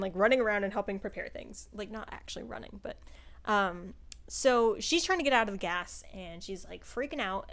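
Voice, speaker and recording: A woman's voice: medium pitch, fairly bright tone. A woman giving a casual, rambling spoken book review, full of filler words and swearing, laughing often as she talks. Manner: chatty and rambling, with frequent "like" and profanity; laughs often while talking.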